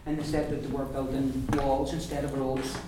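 A man teaching pronunciation in a classroom, repeating words slowly for his pupils. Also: medium pitch, level tone, echoey room, background noise. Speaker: Irish language teacher.

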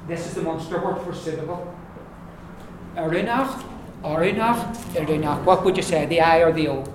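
A man with an Ulster accent teaching an Irish pronunciation lesson, modelling words slowly and repeating them patiently. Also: on the high side. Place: classroom. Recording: echoey room, mic far off, background noise.

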